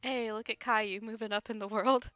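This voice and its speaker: A woman's voice: fairly high pitch, steady tone, a little fast, a bit bright, dry recording, muffled recording. A woman casually commenting on a video game she plays, teasing and wry, laughing often. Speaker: game streamer. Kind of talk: casual let's-play commentary.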